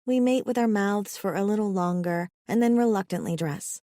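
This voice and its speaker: A woman narrating a first-person romance audiobook in an even storytelling manner. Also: mid-range voice, normal speed, dry recording, studio quality.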